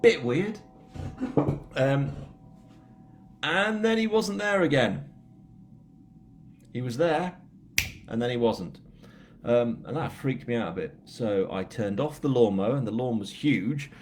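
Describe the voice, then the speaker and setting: A man's voice: mid-range voice, lively intonation, unhurried, darkish tone, faint music behind. A man with a northern English accent, an author chatting casually and telling a story at a live book launch, rambling with self-mocking asides. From England.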